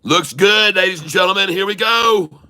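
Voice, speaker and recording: A man's voice: high voice, moderate pace, sharp tone. A man hosting a live trading stream, chatting casually in a folksy, joking way, laughing often and repeating his words.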